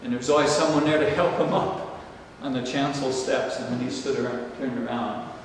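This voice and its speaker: An older male pastor delivering a slow, emphatic sermon, his voice rising on exclamations. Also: mid-range voice, steady tone, noisy background. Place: large church or banquet hall. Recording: distant, echoey hall recording.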